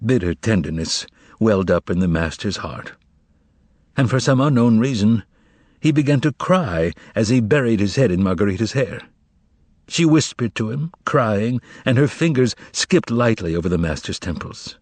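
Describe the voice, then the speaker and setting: A man narrating an audiobook novel in a measured, expressive storytelling manner. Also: on the low side, no room sound. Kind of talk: scripted narration.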